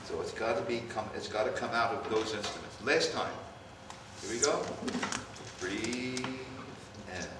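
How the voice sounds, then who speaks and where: An older man conducting a band rehearsal, coaching players and calling out cues in an animated way. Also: fairly low pitch, unhurried. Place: large rehearsal hall. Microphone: distant room mic. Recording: far-off echoey hall, noisy.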